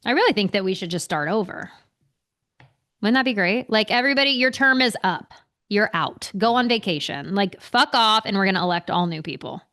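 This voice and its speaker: A woman's voice: medium pitch, lively intonation, brisk, a bit bright. A young adult woman co-hosting a podcast, ranting heatedly in casual chat and swearing a lot. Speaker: podcast co-host.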